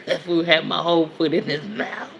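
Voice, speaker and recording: Laughing, candid woman with a gravelly voice. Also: sits low, little pitch movement, moderate pace, fairly bright tone, a little hiss or hum. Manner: candid, laughing, talks straight to listeners as y'all. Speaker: podcast host and women's counselor. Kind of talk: casual storytelling monologue.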